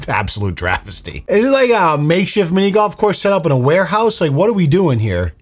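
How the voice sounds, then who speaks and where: A man's voice: high voice, sing-song, brisk. A man hosting a reaction video, riffing on clips with sarcastic, mock-serious rants. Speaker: commentary video host.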